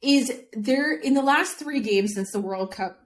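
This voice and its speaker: A woman's voice: a little high, unhurried. A woman co-hosting a sports podcast, chatting casually and explaining at length with frequent laughs. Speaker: podcast co-host.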